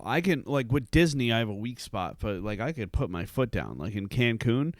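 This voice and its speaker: A man's voice: medium pitch, sing-song, normal speed, dry recording, clean studio sound. A man chatting on a podcast, rambling with many restarts and frequent laughter. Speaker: podcast co-host. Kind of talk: casual chat.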